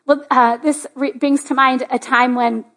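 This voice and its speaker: A woman pastor giving a sermon in a church, telling a personal story in a chatty way with lots of "like", often rising into excitement. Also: sits high, measured pace. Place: church sanctuary.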